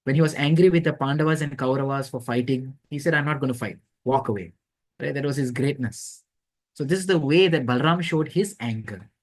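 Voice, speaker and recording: A man's voice: mid-range voice, brisk, rough recording. Man retelling scripture stories in class. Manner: storytelling, acting out quoted dialogue. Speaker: lecturer. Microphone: online class audio.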